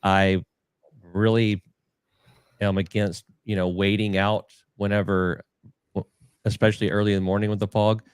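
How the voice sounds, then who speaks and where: A man's voice: on the low side, little pitch movement, moderate pace, pauses often, smooth, no echo, clean studio sound. A man who is a fishing captain, rambling self-deprecatingly with many restarts in a casual podcast chat.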